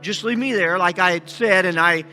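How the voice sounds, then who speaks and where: A man acting out a scheming blind beggar in a first-person sermon monologue, halting and restarting often, with faint music behind him. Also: high voice. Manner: halting with many restarts, shouting out pleas. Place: church sanctuary.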